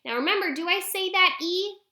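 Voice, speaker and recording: A woman teaching a phonics lesson to young children on video, sounding out letters slowly and asking coaxing questions. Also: very high voice, sharp tone. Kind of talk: early-grade phonics lesson to camera.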